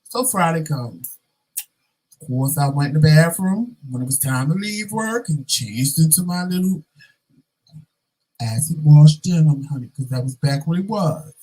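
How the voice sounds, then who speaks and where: Husky-voiced man telling a sassy story. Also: a little high, a little slow, poor audio. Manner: animated, sassy, dramatic asides to viewers. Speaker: vlogger. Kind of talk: casual storytelling rant.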